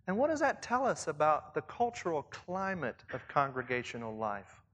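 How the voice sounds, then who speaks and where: A man's voice: fairly high pitch, huge pitch swings, normal speed, a bit bright. A man leading church leaders in a conversational sermon, reflective and asking his listeners questions. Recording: long reverb, as in a hall.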